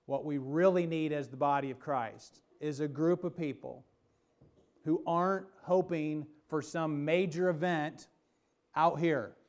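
A man preaching a sermon as pastor, swinging between emphatic calls and soft, hushed passages. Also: on the high side, steady tone, measured pace. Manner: preaching with rising emphasis, then dropping to a soft hush.

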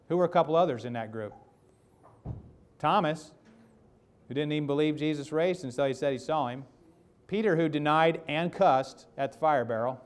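A man's voice: on the high side, darkish tone. A man preaching a casual sermon, joking and putting questions to the congregation. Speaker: pastor. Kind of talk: conversational sermon.

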